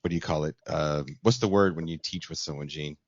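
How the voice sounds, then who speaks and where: A man's voice: a bass voice, fairly even intonation, fairly quick, dry recording, muffled recording. A man hosting a podcast, blunt and dismissive in casual debate. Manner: blunt, dismissive one-word answers. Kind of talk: casual political discussion.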